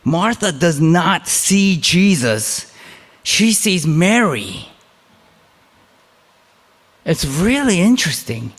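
A man's voice: high-pitched, very animated, slow, long pauses, fairly bright tone. A man preaching a conversational sermon as a pastor, casual and self-deprecating, with chatty asides. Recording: long hall reverb.

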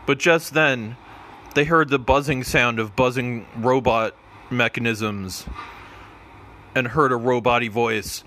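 A man's voice: mid-range voice, fairly even intonation, takes it slowly, sharp tone. A man casually narrating a comedy story in an offhand, rambling way, correcting himself as he goes.

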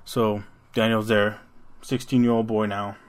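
A man's voice: fairly low pitch, flat delivery, measured pace, clear, resonant tone. A man co-hosting a podcast, retelling a scary story in a rambling, profane way with lots of restarts. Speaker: podcast co-host. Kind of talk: casual storytelling chat.

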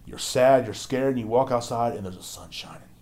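A man's voice: a little fast, a little mellow. A young man hosting his own podcast, ranting with constant swearing and mocking other people in silly voices. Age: young adult. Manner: profane, ranting, mocks others in squeaky voices. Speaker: podcast host. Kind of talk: angry solo rant.

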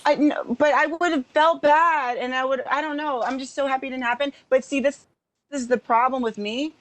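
A woman guesting on a casual comedic podcast, giggly and animated as she tells stories. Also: sits high, normal speed.

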